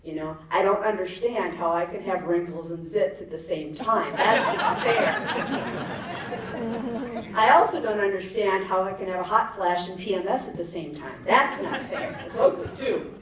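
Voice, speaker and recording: A woman's voice: on the low side, fairly quick. A woman in her fifties doing a chatty stand-up set, laughing at her own jokes and asking the crowd questions. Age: 50s. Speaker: stand-up comedian. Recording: echoey venue, mic far off, faint ambience.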